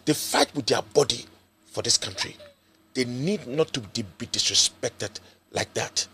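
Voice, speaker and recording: A Ghanaian man hosting an online political talk stream, excitable, repeating himself and swinging between loud and soft. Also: mid-range voice, unhurried, a little hiss or hum. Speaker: online show host. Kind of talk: animated live-stream commentary.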